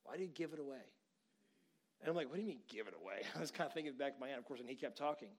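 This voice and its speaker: A man's voice: medium pitch, animated, very fast, breathy edge. A man preaching a sermon, telling a story conversationally and building to emphatic encouragement. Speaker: pastor.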